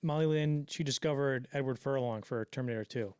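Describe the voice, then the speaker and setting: A man telling a story on a casual podcast, swearing freely and acting out the quotes in quick put-on voices. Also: medium pitch, a little mellow, smooth, dry recording, studio quality. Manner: fast, profane, acts out quotes in voices. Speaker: podcast co-host.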